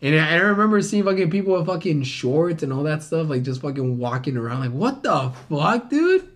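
A man's voice: a little high, sing-song, fairly quick. A man in his thirties, a comedian telling stories in a casual chat, swearing a lot and saying dude and bro. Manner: laid-back storytelling, heavy swearing, says dude and bro. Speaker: comedian, podcast host.

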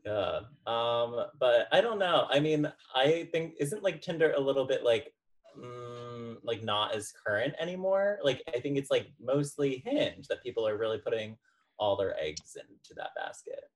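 Lively man, a bit far from the mic. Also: mid-range voice, normal speed. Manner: animated, laughs often. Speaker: podcast co-host. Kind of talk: casual group chat.

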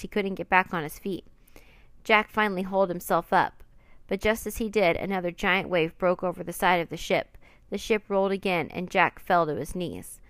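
Woman narrator, expressive children's book reading, dry. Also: mid-range voice, no echo. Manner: expressive, dramatic.

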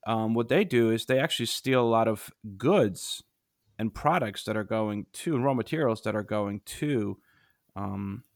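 A man co-hosting a history podcast, telling the story in a casual, animated way with many asides. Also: fairly low pitch, normal speed, vocal fry, dry recording, clean studio sound. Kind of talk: casual explanatory chat.

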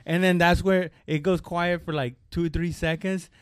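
A man telling a story in casual chat, animated and profane, acting out the people in it. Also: on the high side, normal speed, smooth, no room sound.

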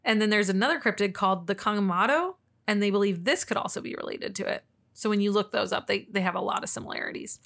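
A woman's voice: medium pitch, quick pace, creaky, a bit bright. Woman, podcast co-host, casual storyteller, mid-range voice, giggly and loose. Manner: chatty, laughs often, trails off and restarts. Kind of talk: casual chat, telling cryptid stories.

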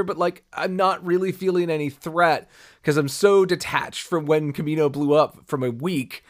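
A man's voice: on the high side, moderate pace. A man co-hosting a podcast, talking casually and rambling, acting out quoted reactions as he goes. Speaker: podcast co-host. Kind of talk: casual chat.

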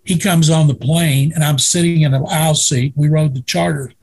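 An older man from Waco, a retired sportswriter telling lively anecdotes in a casual interview. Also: on the high side, moderate pace, gravelly, slightly rough. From Waco, Texas. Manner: lively anecdotal storyteller, acts out quoted dialogue.

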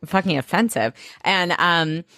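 A woman's voice: on the low side, measured pace, sharp tone, no room sound, studio quality. A woman co-hosting a podcast in casual recap chat, chatty, swearing freely and laughing between phrases. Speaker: podcast co-host.

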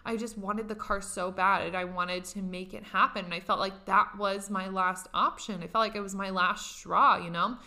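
Young woman, bright forward voice, candid and profane casual storyteller. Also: medium pitch, steady tone, normal speed, few pauses. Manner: candid, profane, laughs often.

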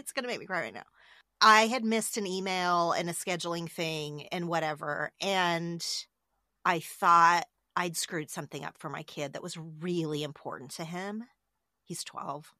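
A woman's voice: on the low side, bright, forceful tone, no echo, studio quality. A middle-aged woman in a casual conversation, talking openly and with emotion, often restarting her sentences. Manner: candid, emotional, with many restarts. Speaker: podcast host being interviewed.

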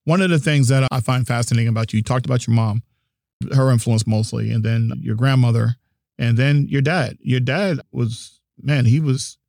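A man's voice: mid-range voice, moderate pace, a little mellow, no echo, studio quality. Male interview host, supportive listener. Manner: supportive backchannels, reflective follow-up questions. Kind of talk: conversational interview.

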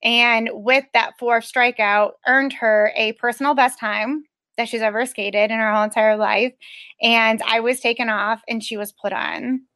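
A woman's voice: a little high, fairly even intonation, unhurried, sharp tone, dry recording. A woman who is an Olympic speed skater, telling her story as a podcast guest in an earnest, emphatic, determined way. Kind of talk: personal storytelling in a podcast interview.

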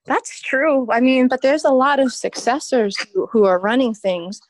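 A woman's voice: high-pitched, lively intonation, normal speed, slight background noise. A woman guest on a podcast, talking in a rambling, earnest way and laughing often. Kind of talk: casual podcast chat.

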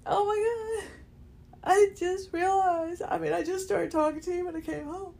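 A woman's voice: very high voice, steady tone, moderate pace, gravelly, a little mellow. A woman hosting a podcast, talking unscripted while lying down at home, rambling, emotional and often apologizing. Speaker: podcast host. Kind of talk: unscripted personal chat.

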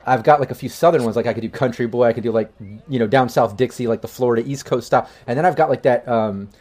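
A man's voice: mid-range voice, fast, darkish tone. A man narrating as game master of a streamed tabletop role-play, talking loosely with many fillers and restarts.

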